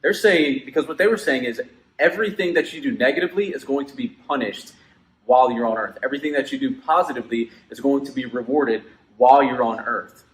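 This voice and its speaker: A man's voice: medium pitch, quick pace. A man leading a student ministry Bible lesson, explaining earnestly and building toward dramatic moments in the story. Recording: echoey room.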